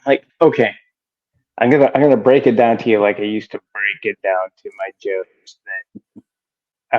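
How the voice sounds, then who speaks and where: A man's voice: fairly low pitch, dull audio. A middle-aged man, a retired army sergeant major, telling stories bluntly and swearing freely as a podcast guest. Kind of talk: casual chat.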